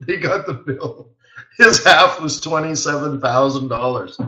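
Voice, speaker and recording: A man hosts a live webinar, with a bright, forceful voice pitched somewhat high. He tells anecdotes in an animated way, laughing often and putting on voices for the people he quotes. The sound is echoey and a little muffled. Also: measured pace. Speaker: market strategist hosting a trading webinar.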